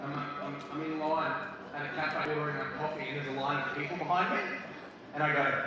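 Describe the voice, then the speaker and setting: A man's voice: a little high, quick pace, background noise. A man in his thirties giving a live motivational speech to students, telling comic stories and acting out voices. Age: 30s. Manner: animated storytelling, acts out voices and shouts. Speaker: motivational speaker. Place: school hall, live before students. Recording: echoey school hall from far off. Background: hall ambience.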